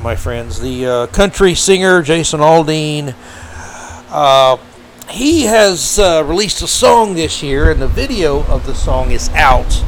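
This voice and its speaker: A man's voice: on the high side, slight background noise, poor audio. A man hosting a podcast, delivering a combative, sarcastic political commentary monologue. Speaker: podcast host.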